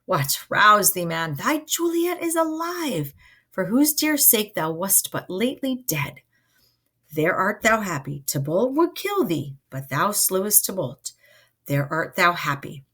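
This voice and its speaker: A woman's voice: mid-range voice, sing-song, a little slow, sharp tone, husky, full character voice. A woman reading a stern old friar. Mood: scolding. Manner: lecturing, exasperated, rising emphasis. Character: stern older male friar scolding a young man. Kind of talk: dramatic reading of a play.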